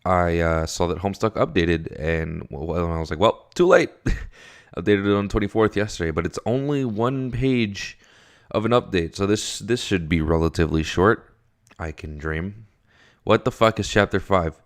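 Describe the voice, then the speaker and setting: A man with a very low voice reads a webcomic aloud and comments as he goes. He sounds sleepy at this early hour, rambles, and swears freely, and his voice jumps up high whenever something surprises him. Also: moderate pace. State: tired early morning. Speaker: webcomic reader. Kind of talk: casual reading and commentary.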